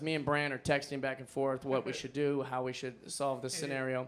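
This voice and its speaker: A man telling a stand-up story on stage, excitable and laughing through his lines. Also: mid-range voice, brisk, hardly any pauses, slight background noise. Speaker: stand-up comedian. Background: audience laughter.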